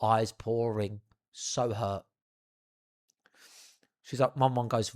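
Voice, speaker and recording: A young man telling a funny childhood anecdote in an animated, profane, theatrical way. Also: on the low side, takes it slowly. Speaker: storyteller. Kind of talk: comedic anecdote.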